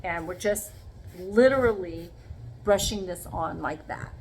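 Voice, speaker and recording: Slow-talking chatty craft vlogger woman. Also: lowish voice, darkish tone, a little hiss or hum, poor audio. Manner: chatty, talks viewers through each step with frequent "okay?". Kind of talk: casual craft demonstration.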